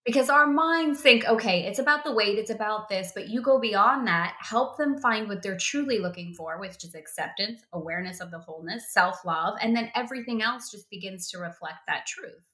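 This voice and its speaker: A woman's voice: medium pitch, a little fast, few pauses, sharp tone, roomy sound. A woman hosting an interview podcast, talking effusively with emotional bursts of praise. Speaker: podcast host. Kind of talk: warm interview chat.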